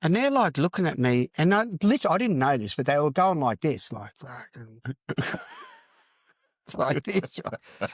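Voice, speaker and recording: A man's voice: on the high side, sing-song, normal speed, dry recording, clean studio sound. An older Australian man, a podcast guest, telling his story candidly in a blunt, profane way and repeating phrases for emphasis.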